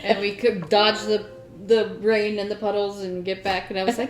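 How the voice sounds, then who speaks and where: A woman co-hosting a craft podcast, telling a story in a chatty, animated way with lots of fillers. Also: medium pitch, moderate pace, few pauses, echoey room. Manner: chatty, animated retelling with many fillers and laughs. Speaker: podcast co-host. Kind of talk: casual storytelling chat.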